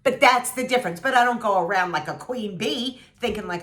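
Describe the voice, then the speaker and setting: A woman's voice: animated, normal speed, bright, forceful tone. Brassy sixty-something woman ranting. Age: 60s. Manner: blunt and salty, mocking voices, swings pitch up in disbelief. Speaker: vlogger reviewing a TV show. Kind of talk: animated, sarcastic rant to camera.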